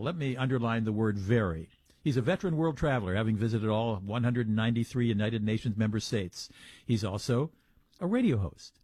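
A man's voice: mid-range voice, very animated, brisk, darkish tone, husky, dry recording. A man hosting a radio talk show, reading sponsor copy and introducing a guest in an upbeat, playful way.

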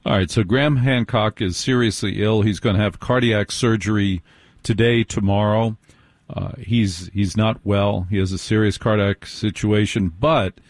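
A man hosting an interview in casual chat, speaking in an earnest, measured way. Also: lowish voice, no echo. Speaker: podcast host.

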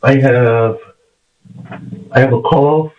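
A sick man calling in to a radio show, stuffy-nosed and losing his voice, speaking haltingly with pauses. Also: medium pitch, steady tone, darkish tone. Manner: halting, many pauses and fillers. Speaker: regular caller. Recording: distant tinny phone line.

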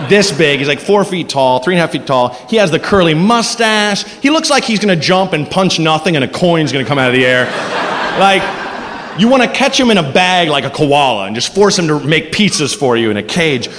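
A man doing a stand-up comedy set, animated and bursting into silly character voices. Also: a little high, a little fast. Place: comedy club stage, live audience. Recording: live club with reverb and background noise.

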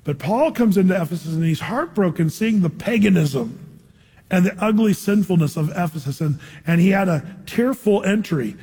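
Male preacher, high husky voice, chatty sermon full of rhetorical questions, long hall reverb. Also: normal speed. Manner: conversational, rhetorical questions, animated asides. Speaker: pastor.

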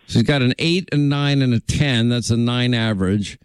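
A man's voice: mid-range voice, normal speed, smooth, dry recording. A man hosting a call-in radio talk show, chatting with callers in a friendly, rambling way.

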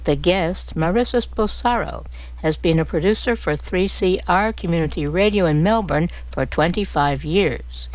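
Brief: measured radio announcer, mid pitch, dry studio. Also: dry recording, low-quality recording. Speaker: radio program presenter.

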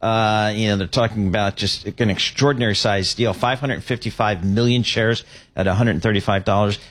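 A man discussing a market deal casually on a radio show, relaxed and agreeable. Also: fairly low pitch, normal speed. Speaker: market reporter.

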